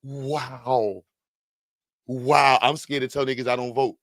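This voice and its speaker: A man hosting a comedy talk show, ranting animatedly with sudden loud outbursts. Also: medium pitch, little pitch movement, a little fast, dry recording. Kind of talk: comedic rant.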